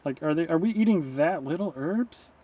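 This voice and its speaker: A man's voice: a little high, expressive, normal speed, slightly rough, narrow, tinny audio. A man vlogging outdoors beside a river, talking casually in a sarcastic, rambling way. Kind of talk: casual vlog rant.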